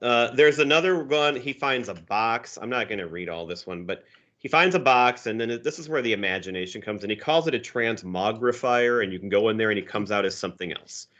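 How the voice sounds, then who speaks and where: Low-voiced easygoing male podcast host. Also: animated, brisk, a bit bright, lo-fi sound. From Minnesota. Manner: easygoing, chuckling storyteller. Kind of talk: casual chat, reading comic strips aloud.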